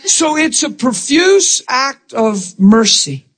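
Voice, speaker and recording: A man who is a Christian minister, telling stories in an animated chat, emphatic and often laughing as he talks. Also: extremely high pitch, takes it slowly, slightly rough.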